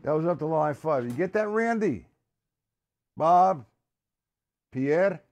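A man teaching a live-streamed drum lesson, chatting with viewers by name in a halting, casual way. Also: a little high, expressive, gravelly, over loud music. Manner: halting, restarts and fillers. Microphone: computer or camera mic on a live stream.

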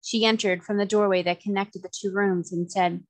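Lady reading a kids' book aloud, clear steady voice, mid pitch. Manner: clear, measured, expressive reading. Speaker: story reader. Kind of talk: audiobook narration of a children's novel.

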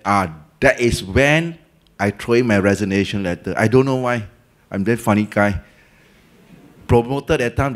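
Singaporean guy giving a dhamma talk, lively storyteller, does the voices of people in his story, slangy, middle pitch. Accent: Singaporean English. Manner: animated storytelling, acts out quoted people; colloquial, Malay and Hokkien words mixed in. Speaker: Buddhist teacher.

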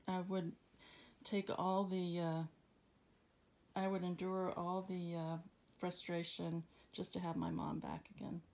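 A woman reading scripture aloud at home, then musing about it casually with fillers and soft laughs. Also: on the low side, creaky. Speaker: Bible reading channel host. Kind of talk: casual Bible reading and reflection.

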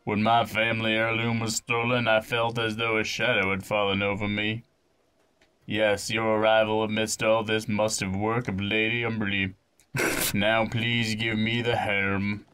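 A man reading aloud as an earnest young girl who is chief of a desert tribe, in a solemn, measured way. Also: fairly low pitch, completely flat delivery, sharp tone, clean tone. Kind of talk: reading game dialogue aloud.

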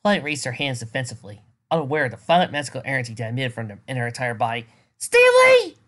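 A woman's voice: a bass voice, rapid-fire, very noisy. A woman reading fan fiction aloud, with small stumbles and restarts. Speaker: reader.

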